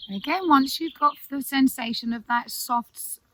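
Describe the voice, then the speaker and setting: A woman, a yoga teacher giving soft, calm, reassuring breathing instruction with long pauses. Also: high-pitched, no echo.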